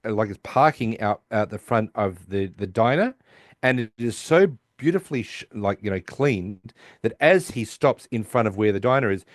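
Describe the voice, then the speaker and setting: A man's voice: lowish voice, animated, normal speed, no room sound, clean studio sound. A man hosting a podcast, casually retelling a TV episode in a rambling way with many restarts. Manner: rambling, with restarts and quoted voices. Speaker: podcast host.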